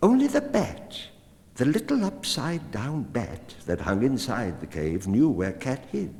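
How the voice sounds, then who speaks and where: A man reading a storybook aloud in a rhythmic, expressive way. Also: medium pitch, measured pace. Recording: long hall reverb.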